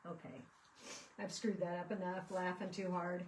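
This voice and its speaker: Her voice is on the low side and somewhat dark, level in tone and at a normal speed, with slight background noise and some distance from the mic. She's a craft video host telling a chatty story as she crafts, laughing in fits along the way.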